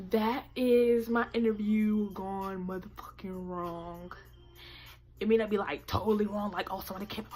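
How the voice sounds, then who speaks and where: A woman's voice: mid-range voice, moderate pace. A teenage girl tells a storytime vlog straight to camera. She swears freely and acts out both sides of each exchange, her voice sitting mid-range for a young woman. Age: late teens. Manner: profane, animated storytelling with quoted asides. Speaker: vlogger. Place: indoor room by natural light.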